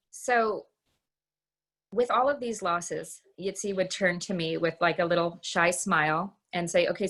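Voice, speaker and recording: Woman, middle-aged, lower register; candid personal talk, halting with restarts, home video call. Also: a bit bright. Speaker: guest speaker. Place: her home, indoors.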